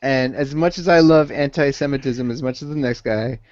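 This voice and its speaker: A man hosting a comedy panel game, calling on contestants in a brisk, dry way. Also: medium pitch, a little mellow, dry recording. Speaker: game show host. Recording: muffled lo-fi recording.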